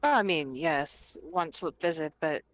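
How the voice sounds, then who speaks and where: Low-voiced woman player. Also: animated, unhurried. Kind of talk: in-character tabletop play.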